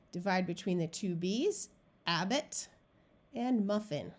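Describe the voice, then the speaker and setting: A woman reading tutor giving a phonics lesson, sounding out practice words one at a time and explaining syllable rules. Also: medium pitch. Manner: slow, deliberate, clear word-by-word modeling.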